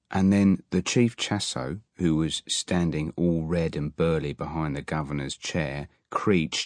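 A man's voice: very deep voice, unhurried, hardly any pauses, no room sound, clean studio sound. A man narrating an audiobook in a wry storytelling manner. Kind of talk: audiobook reading.

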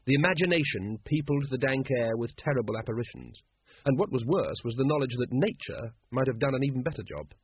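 A man reading an audiobook in an expressive, wry narrating voice. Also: mid-range voice, fairly quick, slightly rough, dry recording. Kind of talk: scripted narration. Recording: dry, narrow phone-like sound.

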